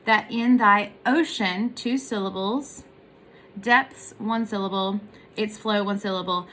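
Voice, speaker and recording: A woman's voice: on the high side, a bit bright. Chatty woman teaching singing. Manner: chatty, explains with sung examples. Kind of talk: casual music lesson.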